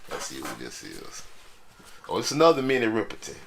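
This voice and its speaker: A man's voice: fairly low pitch, wildly swooping pitch, a little fast, vocal fry. A man chatting casually to his viewers in a loose, slangy, joking way as he shows off his record collection. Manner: loose, slangy, joking, talks straight to the audience. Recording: crowd and noise behind the voice.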